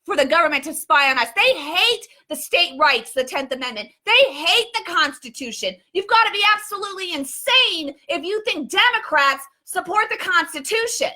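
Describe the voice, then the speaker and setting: A woman's voice: extremely high pitch, lively intonation, moderate pace, hardly any pauses, sharp tone. A woman hosting live political commentary, talking in a fervent rant full of restarts and repeats. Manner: fervent, repetitive, many restarts.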